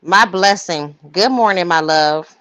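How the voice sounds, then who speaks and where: A woman's voice: on the low side, measured pace, a bit bright, low-quality recording. A woman voicing an infatuated woman's love texts in an exaggerated, mocking sing-song. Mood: gushing.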